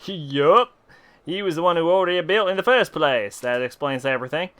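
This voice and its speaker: A man's voice: fairly high pitch, expressive, moderate pace, fairly bright tone, clear, resonant tone. A tipsy man streaming a game, reading the dialogue aloud in a put-on southern country drawl and swearing freely. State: tipsy from drinking. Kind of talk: casual live gameplay commentary, reading game dialogue aloud.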